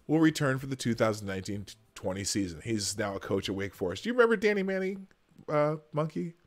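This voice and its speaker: A man hosting a livestream show, chatting casually and excitably, often shifting closer to and farther from the mic. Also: mid-range voice, fast talker. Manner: excitable, loudness jumps as he moves around the mic. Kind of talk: casual chat.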